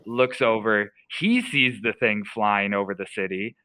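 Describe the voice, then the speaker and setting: A man's voice: fairly low pitch, a little slow, sharp tone, dry recording, poor audio. A young man, a podcast co-host, casually retelling a story with lots of fillers and restarts.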